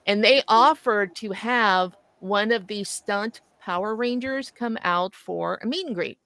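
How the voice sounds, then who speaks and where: A woman co-hosting a casual talk show, telling stories in an animated way and laughing often. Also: medium pitch, unhurried, dry recording. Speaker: co-host. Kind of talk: casual chat, storytelling.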